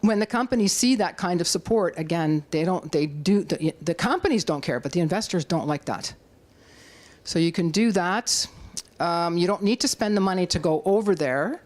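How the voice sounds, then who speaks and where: At a community hall talk, a middle-aged activist with a Canadian accent rallies the crowd in an animated speech. She goes at a normal speed, acting out quotes in a high voice, and there is no room sound.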